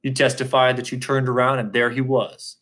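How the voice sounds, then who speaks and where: A man reading aloud, voicing a calm, methodical middle-aged lawyer who asks measured, probing questions. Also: mid-range voice, natural voice.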